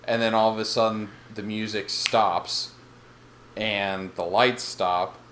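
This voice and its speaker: A man's voice: fairly low pitch, fairly even intonation, slow, a bit bright, a little hiss or hum. A man co-hosting a podcast, chatting casually about a TV episode, rambling and laughing often as he acts out lines. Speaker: podcast co-host. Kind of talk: casual recap chat.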